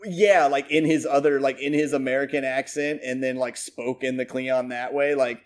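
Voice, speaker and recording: A man's voice: mid-range voice, normal speed. Rambling, profane man co-hosting. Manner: profane, rambling, animated storytelling. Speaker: podcast co-host. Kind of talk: casual chat.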